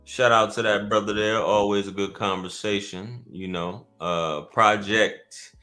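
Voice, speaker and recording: A man's voice: fairly even intonation, measured pace, bright, forceful tone, faint music behind. A man hosting a live podcast stream, chatting casually and joking with viewers and his co-host. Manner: loose, joking, talks to the chat, swings up in pitch when surprised.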